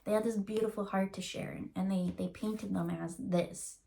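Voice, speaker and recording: A woman's voice: medium pitch, fairly even intonation, creaky, warm tone. Rambling, emotional woman reading tarot. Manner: rambling and emotional, full of likes and ums, slows to drag out key words. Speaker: tarot reader. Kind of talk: casual channeled tarot reading.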